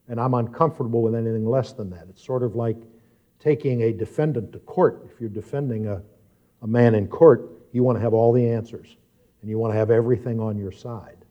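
Emphatic male preacher, lo-fi recording. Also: mid-range voice. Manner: builds from quiet, reflective talk to loud, emphatic reading and questioning. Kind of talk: sermon. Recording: dull lo-fi sound.

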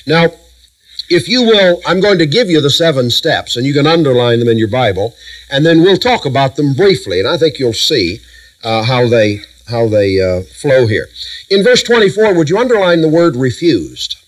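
A middle-aged man preaching a sermon, walking a congregation through Bible verses with emphatic lists and measured pauses. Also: mid-range voice, big pitch swings, low-quality recording.

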